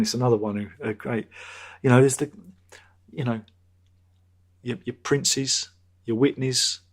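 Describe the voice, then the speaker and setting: A man in his fifties hosting a casual live stream, rambling through viewer comments with crude jokes and lots of repetition. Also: medium pitch. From Britain. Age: 50s. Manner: rambling, jokey, crude asides, many repetitions. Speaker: livestream host.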